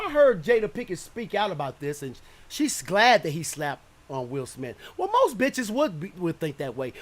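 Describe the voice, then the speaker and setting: A man hosting an internet radio talk show in a loud, profane rant, often breaking into laughter. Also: fairly high pitch. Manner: animated, profane, frequently laughing, shouts at times.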